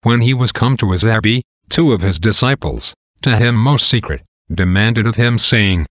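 A man giving a slow, measured reading of saints' lives in archaic prose. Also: fairly low pitch, dry recording, clean studio sound. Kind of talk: slow reading of an old text.

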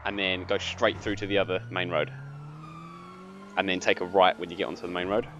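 A young man giving casual gameplay commentary, excitable and bossy when he directs his friend, and laughing often. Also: sits low, a little fast, lo-fi sound, slight background noise. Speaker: gaming channel host.

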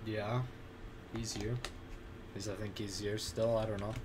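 A young man in casual gaming banter with a friend, loud and excitable, breaking into shouts and laughs. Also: on the low side, unhurried, heavy background noise. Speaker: gamer on voice chat.

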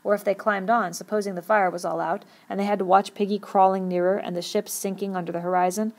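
A woman reading a novel aloud with steady, expressive storytelling. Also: mid-range voice, fast talker. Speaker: audiobook reader.

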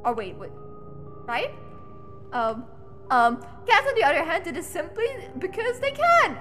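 A woman streams a game from home, her voice pitched high and swinging widely as she chats. She reads the on-screen text aloud and swears freely, with faint game music underneath. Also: very animated, moderate pace. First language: German. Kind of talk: casual gaming livestream chat.

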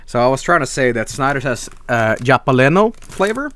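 A man's voice: medium pitch, very animated, brisk, a bit bright. A man from Sweden, hosting a casual snack review stream, enthusiastic and rambling, swearing freely. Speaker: streamer host.

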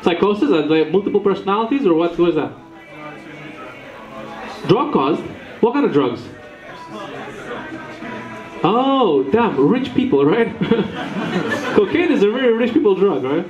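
A man from Romania doing crowd work in a comedy club, teasing the audience with quick banter. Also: high-pitched, expressive, a little mellow, soft background music. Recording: echoey room, dull sound, crowd laughter.

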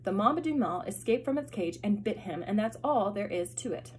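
A woman's voice: mid-range voice, animated, a little fast, a little hiss or hum, close to an everyday voice. Woman reading dismissive man, doctor, brushing things off, storybook.

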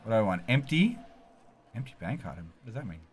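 An Australian man streaming a game with a friend, chatting casually and crying out loudly as things happen on screen. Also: fairly low pitch, fast talker, slight background noise. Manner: excitable, loud exclamations. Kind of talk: casual let's-play banter.

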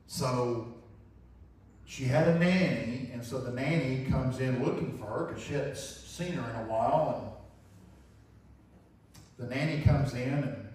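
A man's voice: mid-range voice, a little slow, long pauses, darkish tone. A man preaching a sermon, telling an illustration story in an earnest, vivid way and often repeating phrases. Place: church sanctuary. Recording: very echoey hall, mic far off.

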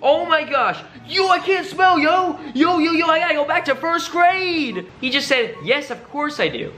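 A man's voice: extremely high pitch, moderate pace, pushed and bright. A young man vlogging in a dramatic, exclaiming way, full of slang. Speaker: YouTube creator. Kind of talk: excitable reaction vlog.

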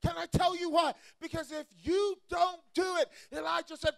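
A man preaching an energetic sermon to a crowd, often shouting. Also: very high-pitched, normal speed, vocal fry. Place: church or event hall.

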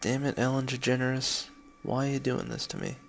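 Speaking at a medium pitch and normal speed, this young man has a gravelly voice with a little hiss or hum in the background. He's doing let's play commentary on his own game, swearing when he slips up and adding sarcastic remarks amid frustrated outbursts.

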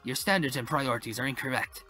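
A man's voice: mid-range voice, fast talker, sharp tone, faint music behind, lightly acted. A man reading a strict senior time-records officer aloud in a put-on French accent, lecturing a newcomer. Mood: stern lecturing. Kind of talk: reading game dialogue aloud.

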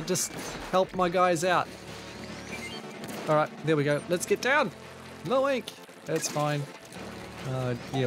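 Excitable high-voiced New Zealand gamer. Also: male voice. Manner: excitable, exclaims often, self-deprecating asides. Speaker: gaming YouTuber. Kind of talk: live gameplay commentary. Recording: game music playing underneath.

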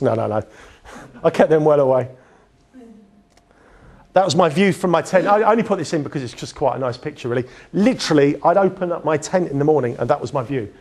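A man's voice: fairly high pitch, a little mellow. A man giving a candid public talk with slides. He tells his story with many restarts and filler words and chuckles at himself. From England.

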